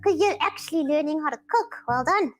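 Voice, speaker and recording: Rosie, a squeaky bossy pink puppet girl. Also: lively intonation, brisk, faint music behind. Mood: chirpy. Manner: bossy, interrupting, demands attention. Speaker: ventriloquist puppet co-host.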